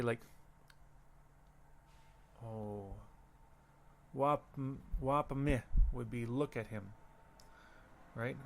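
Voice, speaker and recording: A man teaching a language lesson, slowly repeating words and pausing to think. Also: mid-range voice, slight background noise. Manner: slow, careful, repeats words with pauses. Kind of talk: recorded audio lesson.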